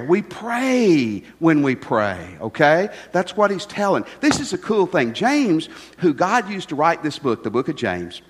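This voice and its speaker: An older man preaching, his voice sitting a little high for a man. He talks in a folksy, conversational way, asking the congregation questions. The sound carries a long reverb from the church hall. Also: a bit bright. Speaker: pastor. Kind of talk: sermon. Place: church sanctuary.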